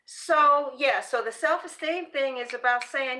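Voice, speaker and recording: A tarot channel host gives a casual, motivational talk on self-esteem, sassy and preachy, cursing freely and acting out pep talks to herself. Her voice is high, a little slow, pushed and bright, with few pauses.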